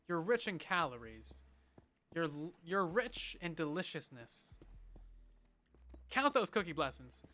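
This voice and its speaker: A young man livestreaming, chatting casually and playfully while reading viewer messages. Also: sits high. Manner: playful, animated, chatty with frequent laughs.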